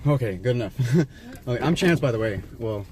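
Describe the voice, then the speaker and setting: A man's voice: mid-range voice, animated, brisk. A man from Las Vegas rambles to a stranger from inside his car, swearing and padding his story with fillers and restarts while his camera records. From Las Vegas, USA. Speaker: vlogger filming a street encounter. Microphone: handheld camera inside the car.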